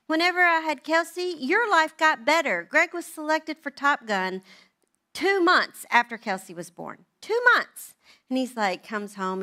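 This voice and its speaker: Middle-aged woman, church event speaker, bright crisp tone, lively wry storyteller. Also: sits high. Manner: animated, self-deprecating, wry humor. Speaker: guest speaker at a church moms' night. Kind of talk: storytelling talk to a live audience.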